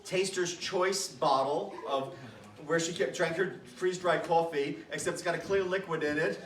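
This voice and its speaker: At a memorial gathering, the departed's middle-aged son offers a toast at normal speed in a fairly high voice. His manner is chatty and self-deprecating; he laughs through his anecdotes and occasionally chokes up. The recording comes from a distant mic in an echoey room with background noise.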